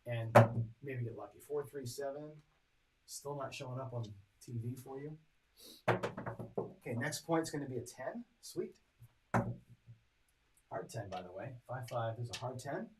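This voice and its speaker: A man's voice: medium pitch, measured pace, long pauses, very noisy. Man calling dice and tallying bets. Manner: chatty, reads dice rolls and tallies bets aloud; talks to chat viewers directly. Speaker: craps strategy host. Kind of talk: casual live-stream commentary.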